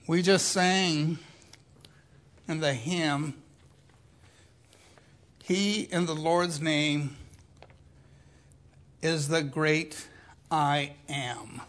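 An older man preaching a sermon in a slow, deliberate way, dropping into quiet asides. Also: on the high side, steady tone.

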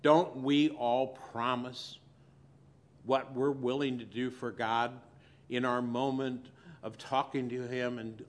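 A man preaching a sermon as pastor, swinging between loud emphasis and quiet, soft asides. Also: medium pitch, level tone, slow pace.

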